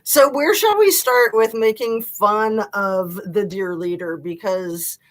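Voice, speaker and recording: A woman's voice: medium pitch, slow pace, rough recording. Chatty woman live-streaming from home. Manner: rambling and chatty, laughs often. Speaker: YouTube live-stream host. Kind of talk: casual live-stream chat. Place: home room.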